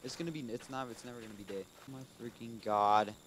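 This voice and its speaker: A man hosting a gaming video, commenting casually as he plays, calling out "dude" often and swinging between muttering and loud frustrated outbursts. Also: medium pitch, steady tone, fast talker, background noise. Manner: casual, keeps saying "dude". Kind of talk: let's play commentary.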